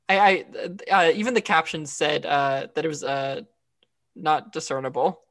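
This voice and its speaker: A woman with a low-sitting voice goes over a podcast episode alongside her co-host at a measured pace. Her delivery is chatty and loose, peppered with fillers and restarts.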